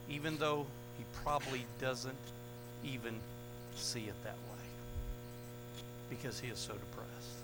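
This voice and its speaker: Impassioned preacher over a mains hum. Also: male voice. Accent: American. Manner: swings from loud, raised retellings to low, quiet asides. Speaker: pastor. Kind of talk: sermon.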